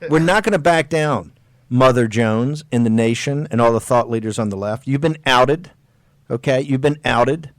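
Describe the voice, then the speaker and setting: A man hosting a political talk radio show, exhorting his listeners with emphatic, drawn-out stressed words and frequent restarts. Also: mid-range voice, no room sound, studio quality.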